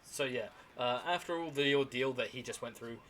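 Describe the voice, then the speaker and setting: A man hosting a game stream, chatting in a halting, casual way about the cutscenes. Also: medium pitch, fairly bright tone, a little hiss or hum. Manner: chatty and halting, laughs often. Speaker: streamer host.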